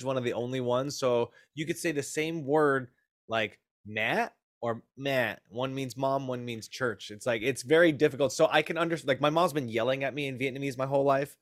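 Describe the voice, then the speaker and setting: A man co-hosting a podcast, explaining things in a relaxed, casual way. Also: mid-range voice. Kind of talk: casual chat.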